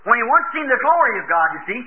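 A preacher with a strikingly high voice tells the story in a folksy way, acting out each character as he goes. The sound is thin and tinny, like an old tape recording with a faint hiss running under it. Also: big pitch swings, quick pace. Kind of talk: sermon.

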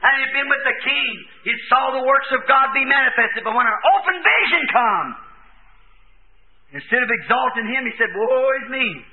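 A man preaching a revival sermon in a church service, fervent and hollering quotes with sudden shouts. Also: extremely high pitch, lively intonation, moderate pace, a little hiss or hum. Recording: tinny lo-fi old tape recording.

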